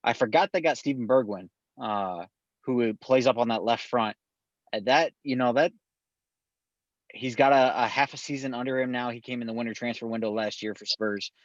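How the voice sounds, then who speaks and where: A man at a middle pitch chats about sports in an easygoing way, dropping "you know" often. The recording is dry and somewhat muffled. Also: moderate pace, no room sound. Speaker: podcast co-host. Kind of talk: casual sports chat.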